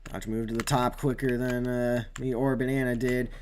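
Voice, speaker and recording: A man commentating his own sim race on a live stream, rambling with many fillers and sudden excited outbursts. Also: medium pitch, normal speed, slight background noise.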